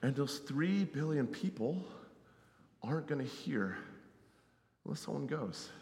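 A man's voice: on the high side, unhurried. A man preaching in a raised, conversational voice that keeps tossing "right?" at the congregation. He drops to near whispers, then rises again. His voice rings through a roomy church hall with a long reverb tail. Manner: conversational, tag questions, animated swings from loud to hushed. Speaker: missionary preacher. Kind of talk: sermon.

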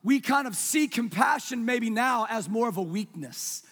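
A man preaching with a strikingly high, husky voice. He talks to his congregation like a conversation, asking them questions and dropping to a near hush to make a point. His voice rings with the long reverb of a big church hall. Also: expressive, normal speed. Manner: conversational preaching, asks the congregation questions, drops soft for emphasis. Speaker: pastor. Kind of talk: sermon.

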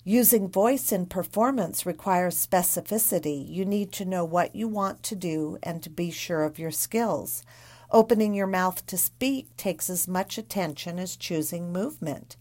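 A woman reading an instructional book about breath and voice for dancers in a calm, measured way. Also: on the low side. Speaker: narrator of a dance guidebook.

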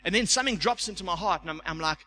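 A man preaching a sermon as pastor, animated, stumbling over repeated words and acting out the voices he quotes. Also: sits high, very fast, a little hiss or hum, rough recording. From South Africa.

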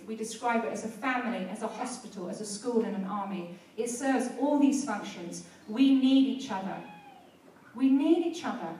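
A woman's voice: a little high, darkish tone, a little hiss or hum. A woman preacher giving a sermon and prayer, telling stories in a conversational way and building to fervent exhortation. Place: church hall. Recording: very echoey church hall, heard from a distance.

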